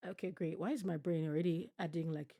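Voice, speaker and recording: A woman's voice: low voice, steady tone, fairly quick, mellow. A woman gives casual reaction commentary on a TV show as a streamer, blunt and profane, riffing and repeating her phrases.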